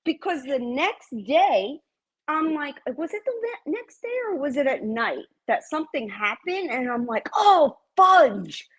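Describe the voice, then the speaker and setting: A woman co-hosting a livestream in casual chat, a lively storyteller who laughs often. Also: sits high, normal speed, poor audio. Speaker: livestream co-host.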